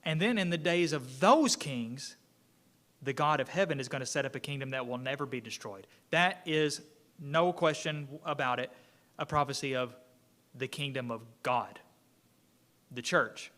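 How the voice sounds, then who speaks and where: A man's voice: medium pitch, normal speed, bright, forceful tone. A man teaching an informal church Bible class, talking conversationally with fillers and asides.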